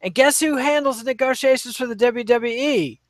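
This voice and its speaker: A man's voice: very high-pitched, normal speed, no echo. A man co-hosting a casual podcast chat, giving wry, rambling commentary full of "uh" and "you know". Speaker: podcast co-host.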